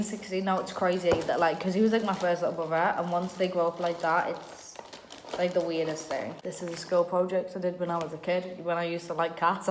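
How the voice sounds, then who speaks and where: A young woman in her twenties chats in a loose, rambling way, filling her sentences with "like". Her voice sits slightly low. The recording has a roomy echo with a faint hiss under it. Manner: chatty, rambling, peppered with "like". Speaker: vlogger. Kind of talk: casual chat. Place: her own home, a bedroom.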